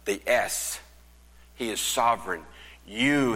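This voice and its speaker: Older pastor with husky forceful voice. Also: male voice, mid-range voice, slow pace, big-room sound, poor audio. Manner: swings from loud preaching to hushed whispers. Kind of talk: sermon storytelling.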